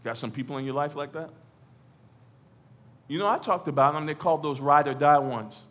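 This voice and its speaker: Preaching man, conversational, building loud. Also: a little high, brisk. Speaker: pastor. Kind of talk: sermon.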